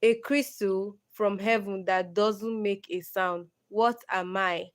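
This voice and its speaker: A young woman hosting a casual livestream, slowly reading riddles aloud and answering them herself. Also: medium pitch, steady tone. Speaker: livestream host.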